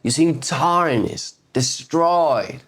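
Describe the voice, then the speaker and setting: A man hosting a spiritual video series, giving an unhurried reflective talk that repeats phrases and asks rhetorical questions. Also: fairly high pitch, fairly bright tone.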